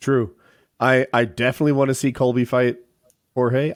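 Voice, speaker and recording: A man's voice: medium pitch, moderate pace, no echo, clean studio sound. A man co-hosting a podcast in casual chat, telling stories animatedly and swearing freely. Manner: animated storytelling, acts out quotes in a raised voice. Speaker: podcast co-host.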